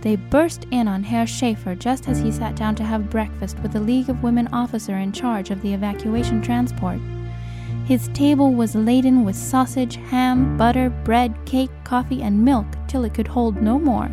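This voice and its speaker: A woman narrating an audiobook in a measured, dramatic style. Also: on the high side, steady tone, music in the background. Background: cinematic score.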